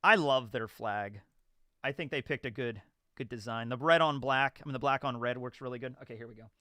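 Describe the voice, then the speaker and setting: A YouTube host delivers casual storytelling and commentary, rambling along with many fillers. His medium-pitched voice is bright and forceful, and he speaks briskly on a dry recording.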